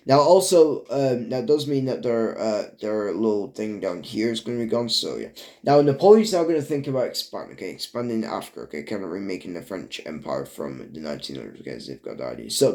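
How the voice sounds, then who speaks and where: A man narrating a strategy game, halting, with many fillers and restarts. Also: on the low side, warm tone. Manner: stumbles over words. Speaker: video narrator. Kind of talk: casual game commentary.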